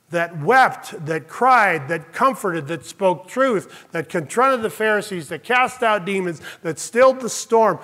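A man's voice: high voice, fairly bright tone. A man preaching a sermon as pastor to his congregation, emphatic and stressing each phrase. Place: church sanctuary with congregation.

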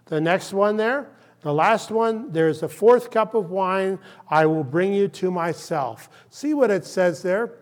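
A male pastor preaching a sermon, impassioned and then hushed, checking in with "okay?" often. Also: sits high, measured pace. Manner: impassioned, drops to hushed tones, frequent "okay?" check-ins.

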